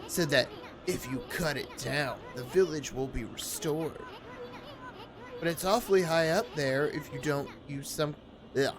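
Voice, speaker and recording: A woman's voice: sits low, background noise. A woman voicing a boastful, sleazy little male bug artist in a video game. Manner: boastful, brash, fast-talking. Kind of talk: reading game dialogue aloud. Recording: game music behind.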